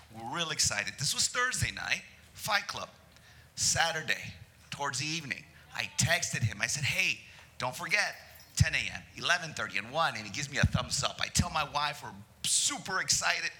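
A male pastor preaching to his church, telling a story in a lively, joking way. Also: fairly high pitch, poor audio. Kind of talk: sermon with storytelling.

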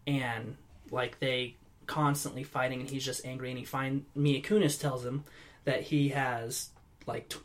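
A man in casual chat, telling stories in an animated way and laughing easily. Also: mid-range voice, a little slow.

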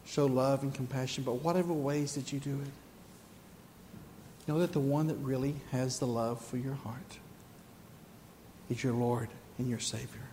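A male pastor delivering a sermon, speaking gently and slowly, with moments of rising fervent emphasis. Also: medium pitch, fairly even intonation, long reverb tail, slight background noise. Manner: soft, slow, then rising to fervent emphasis. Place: church sanctuary.

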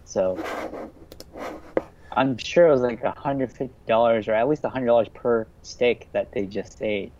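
A man chatting casually, relaxed and chiming in with a personal anecdote. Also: mid-range voice, normal speed. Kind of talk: casual chat. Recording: dull lo-fi mic with faint noise.

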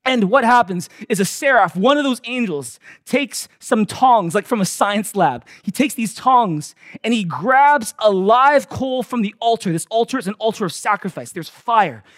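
High-voiced emphatic male pastor preaching. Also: lively intonation, moderate pace, few pauses, no echo, studio quality. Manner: emphatic preaching with big swings in loudness, acting out quoted voices. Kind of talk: sermon.

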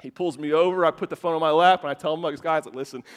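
Male pastor with a high voice, animated storytelling delivery with repeated words, preaching in a church with long hall reverb. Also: very fast, clean tone. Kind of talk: sermon with personal storytelling. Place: church sanctuary with a congregation.

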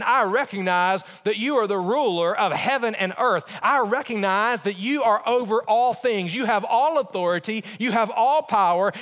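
High-voiced preacher in an echoey hall. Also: male voice, a bit bright. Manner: earnest preaching, with quick asides and humor. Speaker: pastor. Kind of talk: sermon.

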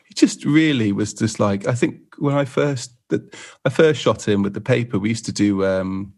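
A man's voice: lowish voice, normal speed, darkish tone. A man, a photographer guest on a podcast, chatting in a rambling way with lots of fillers. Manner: rambling, lots of "you know". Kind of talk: casual podcast chat.

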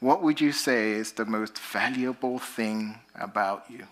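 A man with a British accent preaches with a bright, ringing tone. He speaks slowly and deliberately, pressing hard on key words, then easing into hushed, quiet lines. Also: on the low side. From Britain. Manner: animated storytelling, rising to emphatic lines then dropping soft. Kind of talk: sermon.

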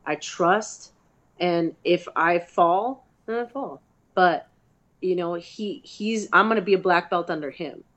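A woman's voice: on the low side, a little slow, highs cut off. A woman, a grappler and fighter, telling stories in a chatty, profane way as a guest in a casual interview. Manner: chatty, profane, animated storytelling.

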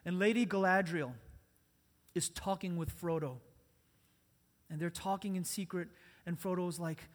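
Male pastor, sermon, high voice, earnest, repeating phrases, long reverb in a church. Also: fairly even intonation, a little slow, long pauses. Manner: earnest, repeating phrases, swings between soft and loud.

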